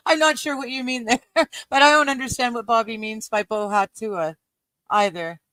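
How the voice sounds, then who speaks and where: A middle-aged woman from Canada chatting casually with her live-stream viewers before reading aloud. She rambles, laughs often and fills pauses with lots of ums. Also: on the high side, pushed and bright, no echo.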